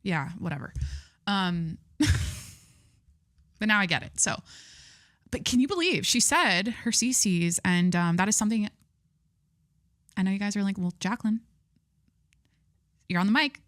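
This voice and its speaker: A woman's voice: mid-range voice, animated, a little slow, long pauses, a bit bright, dry recording, studio quality. A young adult woman hosting her podcast, chatting in a rambling, candid way with lots of fillers and restarts, gushing and swearing casually. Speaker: podcast host. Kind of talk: casual chat.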